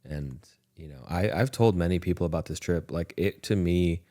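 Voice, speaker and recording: A man's voice: deep voice, moderate pace, mellow. A man hosting a podcast, telling a personal story in an earnest, reflective way with frequent restarts. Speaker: podcast host. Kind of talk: candid conversation.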